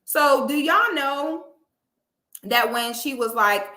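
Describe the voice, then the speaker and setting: High, bright-voiced woman ranting profanely. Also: lively intonation, takes it slowly, reverberant. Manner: emphatic and profane, rants with rising intensity. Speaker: online commentator. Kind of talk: heated talk to camera.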